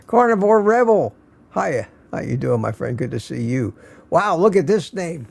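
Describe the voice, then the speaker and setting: A man's voice: fairly high pitch, sing-song, slow, creaky, long pauses, darkish tone, breathy edge. An older man hosting a casual live stream, greeting viewers by name one after another and chuckling often.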